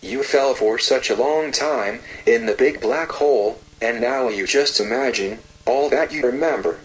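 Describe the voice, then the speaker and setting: A man voicing a gentle, wise little bumblebee in a storybook, speaking in a calm, soothing, reassuring way. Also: mid-range voice, unhurried, close to an everyday voice, rough recording.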